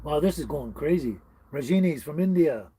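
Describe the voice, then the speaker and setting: A man's voice: on the high side, animated, moderate pace, dark tone, slightly rough, no echo. A man from British Columbia hosting a casual livestream at home, greeting viewers by name, chuckling often and stumbling over names. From British Columbia, Canada. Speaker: livestream host. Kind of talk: casual livestream chat reading comments.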